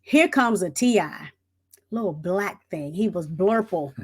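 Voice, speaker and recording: A middle-aged woman, a retired Air Force veteran, telling a lively, folksy story in an interview and talking straight to the audience. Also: on the low side, measured pace, slightly rough.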